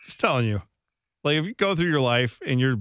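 A man's voice: medium pitch, expressive, music in the background. A man co-hosting a radio show in a studio, joking and bantering loosely. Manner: joking, loose, drawn-out pauses. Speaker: radio co-host.

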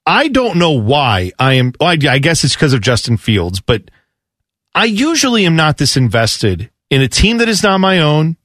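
A man's voice: fairly high pitch, big pitch swings, normal speed, a bit bright, no echo, studio quality. A man co-hosting sports talk radio, ranting with exasperated emphasis.

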